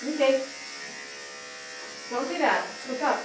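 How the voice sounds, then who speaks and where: A higher-voiced woman groomer talks slowly and gently to a dog. She sounds set back from the mic in a very echoey room. A faint hum of noise sits under her voice. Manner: soft, emotional, coaxing talk to a dog. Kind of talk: live-streamed grooming session. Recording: roomy sound from a distance over faint noise.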